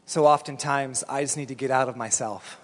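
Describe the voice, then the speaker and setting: Middle-aged pastor in a ringing hall. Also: male voice, mid-range voice, a little fast. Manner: storytelling, animated, conversational. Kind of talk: sermon. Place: church hall. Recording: long reverb in a church hall.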